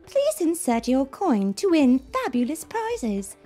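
A chirpy toy claw machine with a raised, sing-song announcer voice, as a woman reading a storybook puts it on. Its pitch bounces in a lively way over faint music. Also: takes it slowly, heavily acted.

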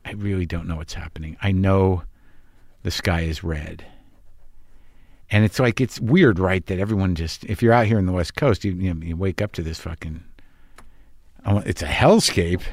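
A man's voice: on the low side, no echo, clean studio sound. A middle-aged man hosting a show, talking in a rambling comic monologue that is profane, wry and darkly joking. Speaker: podcast host.

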